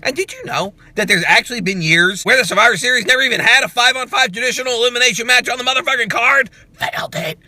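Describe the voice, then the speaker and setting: A man hosting a wrestling reaction show, ranting loudly with profanity and mockery. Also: fast, hardly any pauses, no room sound. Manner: loud, profane, mocking, with swings of pitch and volume. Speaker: wrestling review host.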